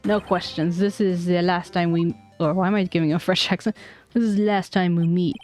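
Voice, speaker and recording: A woman voicing a hot-tempered male mobster loan shark with gruff tough-guy slang while reading game dialogue aloud. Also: fairly low pitch, steady tone, fairly quick, darkish tone, faint music behind, close to an everyday voice. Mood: threatening.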